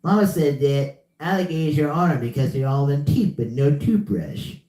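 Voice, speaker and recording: A man's voice: on the high side, normal speed, mellow, lightly acted. A man voicing a simple-minded young male water boy, earnest and stammering, in an echoey room.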